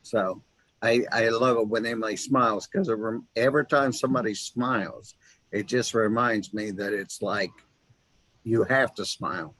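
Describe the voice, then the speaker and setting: A man hosting an interview, chatting casually and telling stories with lively restarts and asides. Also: on the low side, moderate pace, dry recording, poor audio. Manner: animated storyteller, self-interrupting restarts. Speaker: host.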